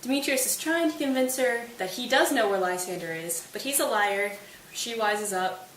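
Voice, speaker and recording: A woman's voice: mid-range voice, fairly bright tone. A woman hosting a casual lesson, explaining a play's plot in a chatty way with playful asides. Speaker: host. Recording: roomy distant mic with hiss.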